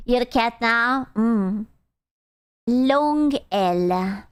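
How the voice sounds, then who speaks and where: A woman's voice: a little high, unhurried, smooth. A woman streamer chatting casually with her viewers, blunt and playfully teasing. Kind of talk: casual live-stream chat.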